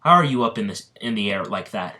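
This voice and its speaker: A man voicing a brash, loud young male ninja who boasts and challenges. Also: fairly low pitch, lively intonation, fast. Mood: curious.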